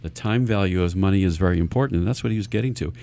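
A man's voice: low voice, rapid-fire, creaky, dark tone. A man hosting a radio talk show as a financial advisor, explaining earnestly and often restarting his sentences.

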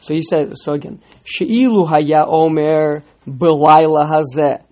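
A man teaching a text study class, lively, firing rhetorical questions at his students and repeating words as he starts sentences. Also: fairly high pitch, unhurried. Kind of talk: interactive text lesson.

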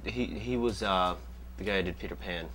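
A man's voice: low voice, moderate pace, fairly bright tone. A man co-hosting a casual podcast, dropping wry, sarcastic remarks. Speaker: podcast co-host.

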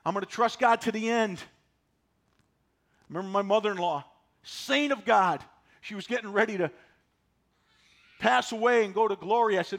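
A man in his sixties preaching a sermon, folksy and animated, driving points home with repetition. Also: sits high, normal speed, long pauses. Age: 60s. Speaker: pastor.

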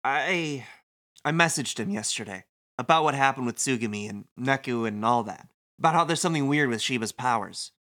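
An apologetic, self-doubting young woman from a video game, read aloud by a man. Her lines come out plain and bright-toned, close to a normal speaking voice. The delivery is unhurried and sincere. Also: medium pitch, animated. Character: young woman, anxious and self-critical teammate.

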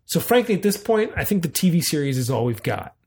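A man co-hosting a podcast in casual chat, retelling scenes in an animated way with quick asides. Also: a little high, slight background noise. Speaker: podcast co-host.

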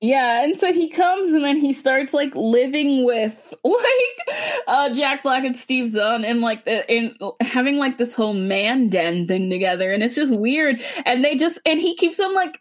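A woman co-hosting a podcast, recapping a bad movie in a casual, halting and exasperated way. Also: sits high, expressive. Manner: halting, stumbling restarts, exasperated. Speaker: podcast co-host. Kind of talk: casual movie review chat.

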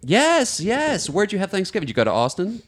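Guy hosting a podcast, super lively pitch, laughs a lot, stumbles over words. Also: fairly quick. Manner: animated, laughs often, stammers and repeats words. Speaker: podcast host. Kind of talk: casual chat.

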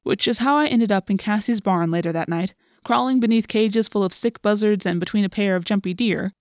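A woman's voice: medium pitch, brisk, no room sound, clean studio sound. A woman reading a first-person story aloud as narrator, lifting her voice for the dialogue. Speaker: audiobook narrator.

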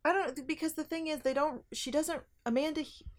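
A woman's voice: high-pitched, fairly even intonation, a little fast. A woman co-hosting a podcast, recapping a book in casual chat and laughing easily. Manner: chatty, explains the plot, laughs easily. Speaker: podcast co-host.

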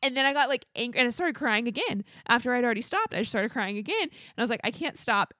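This podcast co-host, a pregnant young woman, talks fast in a fairly high, expressive voice with a sharp tone. She tells a long, casual story peppered with "like"s and frequent laughter. The studio sound is clean and free of echo.

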